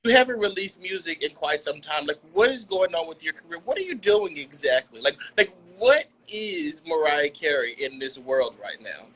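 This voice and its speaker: A man's voice: on the high side, lively intonation, moderate pace, few pauses, a bit bright, husky, poor audio. A man playing a blunt, condescending music mogul who talks down to a pop star. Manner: condescending, cuts to the point.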